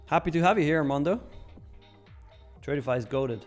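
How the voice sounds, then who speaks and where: A man's voice: on the high side, lively intonation, fairly quick, soft background music. Chatty man hosting a live trading stream. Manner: chatty, reads viewer questions aloud and answers. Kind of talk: casual live market commentary.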